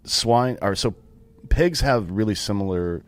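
Brief: very low-pitched male co-host, sardonic, swears casually. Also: a little slow. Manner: sardonic, profane. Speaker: podcast co-host. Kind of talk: casual podcast talk. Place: podcast studio.

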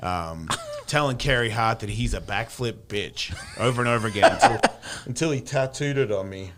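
A man's voice: fairly low pitch, normal speed, noisy background. A man telling rowdy, profane party stories with lots of laughter in a casual podcast chat. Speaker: guest storyteller.

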